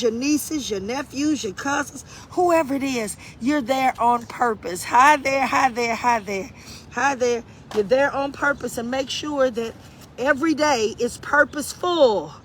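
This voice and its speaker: A woman's voice: sits high, fairly bright tone, a little hiss or hum. A middle-aged woman hosting a casual live stream from her garden, greeting viewers by name and repeating her points like a preacher. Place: outdoors in a garden.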